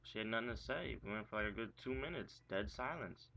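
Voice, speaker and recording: A man's voice: on the low side, animated, a little fast, vocal fry. A young man venting in a rambling, profane, frustrated monologue about a girl. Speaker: vlogger. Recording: dull lo-fi recording with faint hiss.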